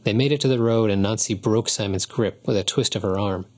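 A man with a low voice narrates an audiobook in a calm, even way. His tone is husky and a little breathy throughout. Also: brisk.

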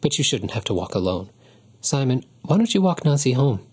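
A man voicing a warm, motherly adult lioness who speaks kindly and teases gently, in a storybook reading. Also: mid-range voice, big pitch swings, fairly quick, slightly rough, pitched above the performer's own voice. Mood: warm coaxing. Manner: kind, coaxing, gently teasing.

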